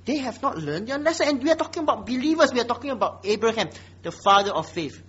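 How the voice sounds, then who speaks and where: A man preaching a sermon, emphatic, often dropping to low, quiet exhortation. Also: sing-song, fast, breathy edge. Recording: dull lo-fi sound.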